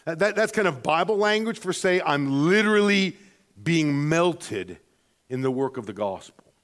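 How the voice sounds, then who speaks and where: High-voiced earnest man preaching. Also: expressive, normal speed. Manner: earnest, swings between quiet and emphatic, with frequent restarts. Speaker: pastor. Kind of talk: sermon.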